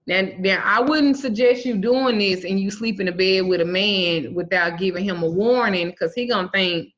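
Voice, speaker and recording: A woman's voice: mid-range voice, fairly bright tone. Crude joking woman giving an herb class, spells out names, muffled lo-fi audio. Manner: blunt, bawdy and profane, joking while teaching. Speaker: herbal and spiritual teacher. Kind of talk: casual online herb class. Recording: muffled lo-fi sound.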